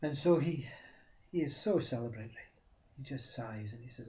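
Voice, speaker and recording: Mellow man telling a parable. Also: mid-range voice, normal speed. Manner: animated, repeats for emphasis, drops to whispers. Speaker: spiritual storyteller. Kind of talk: storytelling talk. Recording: dull lo-fi recording.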